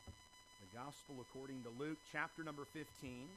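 A man's voice: fairly high pitch, huge pitch swings, moderate pace, noisy background. A man preaching a sermon, reading scripture aloud with theatrical emphasis and leaning hard on single words.

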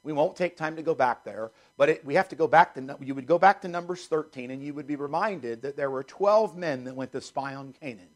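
A man preaching a sermon as pastor, emphatic and repeating key phrases, slowing down to stress scripture. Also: a little high.

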